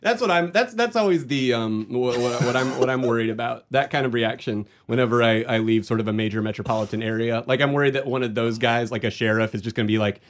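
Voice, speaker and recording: A man guesting on a comedy podcast, telling deadpan jokes and slipping into silly voices. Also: medium pitch, quick pace, few pauses. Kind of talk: casual comedy podcast chat.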